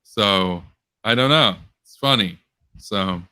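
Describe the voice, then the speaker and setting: A young man with a bright, edgy voice hosts a loose online chat, rambling and sarcastic. His pitch leaps sharply whenever something strikes him as absurd. The sound is close and dry. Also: slow, clear, resonant tone, no room sound. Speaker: political commentary host. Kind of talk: casual online post-show chat.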